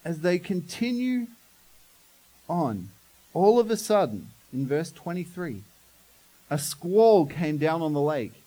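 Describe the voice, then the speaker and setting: A man's voice: fairly high pitch, sing-song, slow pace, long pauses, dark tone, rough recording. A man preaching a sermon as pastor, telling the story dramatically and asking the congregation questions.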